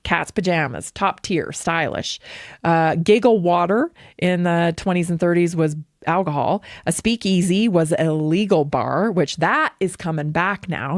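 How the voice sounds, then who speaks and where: Woman, radio host, casual monologue, somewhat low voice, dry sound, animated, repeats for emphasis. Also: no echo. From Canada. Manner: chatty and animated, repeats points for emphasis, laughs easily.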